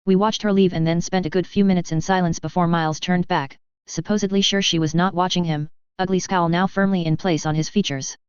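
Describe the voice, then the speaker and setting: A woman narrating a story in the first person with an even, measured delivery, in a dull, dry lo-fi recording. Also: lowish voice, smooth, no room sound. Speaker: audiobook reader.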